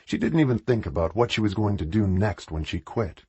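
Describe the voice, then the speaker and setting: Low husky guy reading an audiobook, really animated pitch, dry close sound. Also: a little fast, dry recording, dull audio. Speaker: audiobook narrator. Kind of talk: audiobook narration.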